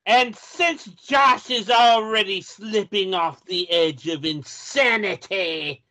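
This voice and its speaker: A man's voice: high voice, slow, bright, forceful tone, exaggerated voice. A man playing a gloating, theatrical male villain host who speaks grandly.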